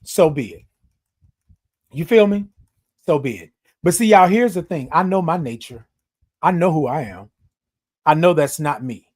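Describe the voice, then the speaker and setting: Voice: medium pitch, animated, measured pace, pauses often, darkish tone. Passionate, emphatic live-stream host. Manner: passionate, emphatic, raises voice, preachy repetitions. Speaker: livestream show host. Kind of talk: animated live-stream talk to viewers.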